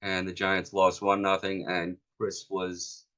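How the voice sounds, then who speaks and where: A man's voice: low voice, completely flat delivery, slow pace, a bit bright. A man in his fifties, an author telling stories from his life as a fan to a club meeting in a casual, conversational way. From East Coast of the United States. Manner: storytelling, conversational with fillers. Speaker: author presenting his book. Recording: dull lo-fi recording.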